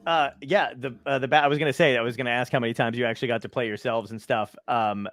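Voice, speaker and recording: A man's voice: mid-range voice, steady tone, quick pace, fairly bright tone, no echo, clean studio sound. A man hosting an interview, asking casual questions with many fillers and restarts. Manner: friendly, hesitant questions with fillers. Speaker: podcast host.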